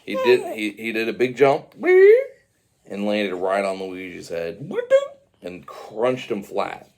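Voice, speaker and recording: A man's voice: on the low side, huge pitch swings, slow, vocal fry, darkish tone, slight background noise. A man telling his baby a rambling, improvised story, full of fillers and asides.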